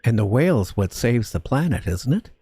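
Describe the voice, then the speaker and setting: A man hosting a talk radio interview, asking halting questions with repeated words. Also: medium pitch, very animated, dark tone, slightly rough, no echo.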